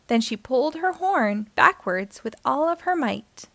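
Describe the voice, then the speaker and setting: A woman reads a rhyming children's picture book aloud in a high, gravelly voice, unhurried yet with few pauses. Her intonation is lively and her rhythm gently lilting, and the dry, close recording has no echo.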